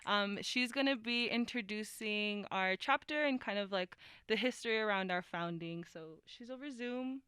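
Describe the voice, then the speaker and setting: Bright, crisp woman introducing her group. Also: medium pitch, moderate pace, hardly any pauses, dry recording, studio quality. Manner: hesitant, filler-heavy introduction. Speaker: group member introducing the feature. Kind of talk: casual chat.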